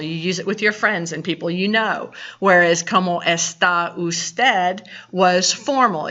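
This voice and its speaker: A woman's voice: mid-range voice, bright, forceful tone, dull audio. A woman from the American South with a Southern accent, teaching a Spanish grammar lesson in a patient, step-by-step way. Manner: patient, explains step by step with reminders. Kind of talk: recorded lecture.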